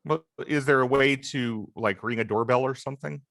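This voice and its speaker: A man's voice: medium pitch, normal speed, gravelly, a bit bright, no room sound, studio quality. A man playing a tabletop game, hesitant and polite. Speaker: player. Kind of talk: casual tabletop play.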